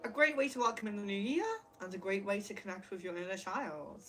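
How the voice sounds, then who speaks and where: A woman's voice: medium pitch, brisk. Giggly woman, faint music behind. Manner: giggly and excitable, laughs often. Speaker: spiritual livestream host. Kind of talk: casual livestream chat. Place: her room at home. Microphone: camera mic from across the room.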